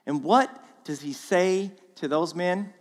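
Male guest preacher with a fairly high voice, casual and animated, recorded with a long church-hall echo. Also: slow pace. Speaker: guest speaker. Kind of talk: sermon. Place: church auditorium.

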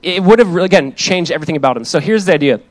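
A young male pastor delivers a sermon, slipping into a lively personal story with quick asides and voiced quotes. His voice sits fairly high for a man. The sound is dry and close, with little room around it. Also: no room sound.

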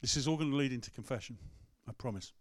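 A man's voice: medium pitch, fast, no room sound, studio quality. A man with an English accent, a rector preaching a sermon in a conversational, storytelling way. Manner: storytelling, conversational, acts out quotes. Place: church.

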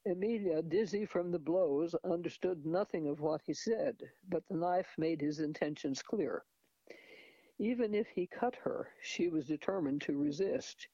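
Male reader, fairly high-pitched, close dry mic, dull lo-fi recording. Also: measured pace, mellow, no echo. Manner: hesitant, with restarts and asides. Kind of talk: reading a novel aloud.

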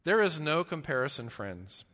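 Man, pastor, sermon, earnest, bright forceful voice, fairly high pitch, long hall reverb. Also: sing-song. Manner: earnest, with repeated restarts and stammers; swings from loud emphasis to hushed, slow lines.

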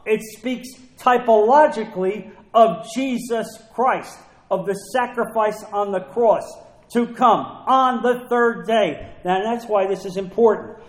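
A man preaching from the pulpit in a high, ringing voice. He presses his points, repeats key phrases for weight and slows down when he reads scripture. The sound carries a noticeable room echo. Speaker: pastor. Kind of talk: sermon.

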